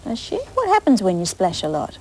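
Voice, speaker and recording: A woman with an Australian accent presenting a children's TV show, singing and reading a story aloud with gentle, coaxing questions to the children. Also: medium pitch, huge pitch swings, a little fast, a little hiss or hum, poor audio. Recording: 1980s TV broadcast with faint music.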